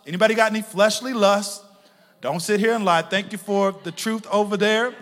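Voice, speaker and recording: High, bright-voiced preacher in a reverberant church. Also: male voice, normal speed. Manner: swings from hushed, intimate talk to loud shouted preaching; playful, laughing asides to the congregation. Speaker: pastor. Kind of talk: sermon. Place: church sanctuary with a congregation. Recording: long reverb of a large church hall.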